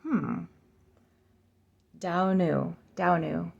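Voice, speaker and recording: A woman with a low, heavily gravelly voice hosts a casual flip-through vlog. She talks at an unhurried, slow pace and sounds out each name aloud, correcting herself as she goes, with musing, giggly asides. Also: steady tone, a little mellow, muffled recording. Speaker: oracle deck reviewer.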